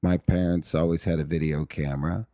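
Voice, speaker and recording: A man's voice: deep voice, steady tone, fairly quick, mellow, no room sound, studio quality. A man chatting casually as a podcast guest, loose and self-mocking with frequent chuckles. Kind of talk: casual chat.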